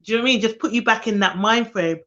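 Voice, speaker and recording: A woman's voice: a little high, racing. A young woman who works as a nanny, chatting casually and animatedly on a live stream. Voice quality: chatty, animated, laughs often. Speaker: nanny and childcare provider. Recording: dull lo-fi live stream audio.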